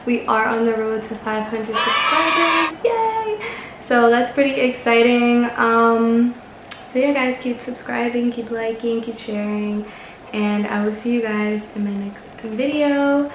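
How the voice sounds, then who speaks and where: A woman's voice: fairly high pitch, steady tone, a little slow, echoey room, slight background noise, rough recording. A young woman vlogger telling a casual story, chatty and exasperated, swearing and laughing often.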